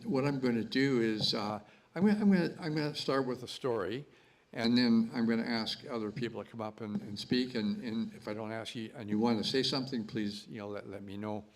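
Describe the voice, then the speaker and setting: A man from Canada speaking at his mother's memorial, halting and repeating words with many fillers. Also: mid-range voice, low-quality recording. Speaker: son giving a eulogy. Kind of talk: memorial speech.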